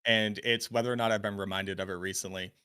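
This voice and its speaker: A young adult man from the Boston area with a mild Boston accent, hosting a casual streamed chat and telling animated, swearing anecdotes. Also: on the low side, fast, clear, resonant tone. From Boston area, USA. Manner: animated storyteller, swears, acts out voices. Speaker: streamer host.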